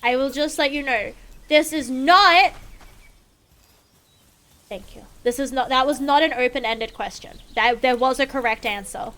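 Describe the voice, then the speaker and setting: A woman's voice: high voice, measured pace, pauses often, bright, forceful tone. A young woman streaming a game live, chatting casually with viewers in a playful, sarcastic way and swearing freely. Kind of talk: casual live-stream chat while gaming.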